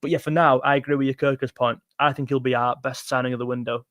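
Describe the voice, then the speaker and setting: A young man hosting a live football stream, talking fast and opinionated, with frequent restarts. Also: medium pitch, flat delivery, fairly bright tone, no echo, studio quality. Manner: quick, opinionated, chatty, with many restarts. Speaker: football channel host. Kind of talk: live-stream chat reading super chats.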